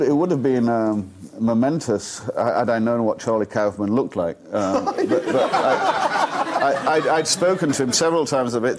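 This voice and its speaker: A man's voice: mid-range voice, background noise. A man in his forties, an actor, telling amused, self-deprecating stories as a talk show guest in a television studio.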